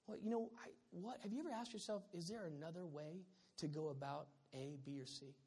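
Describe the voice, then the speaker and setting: A male pastor preaches with a high, bright voice that swings from quiet asides to loud bursts. His delivery is lively and humorous. The sound rings with the long reverb of a large church sanctuary. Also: fairly quick, slightly rough. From Southern California. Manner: animated, joking preacher with sudden loud bursts. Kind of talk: sermon.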